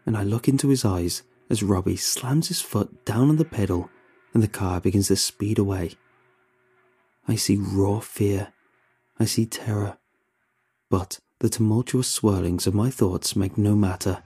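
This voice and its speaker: A man narrating a horror story in the first person, in a steady, tense manner. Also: lowish voice, a little slow, breathy edge.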